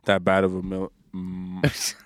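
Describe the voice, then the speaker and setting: Low-voiced young man joking around. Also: completely flat delivery, slow pace, clear, resonant tone, no room sound. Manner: laid-back, joking reactions, some stumbling words. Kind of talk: casual chat.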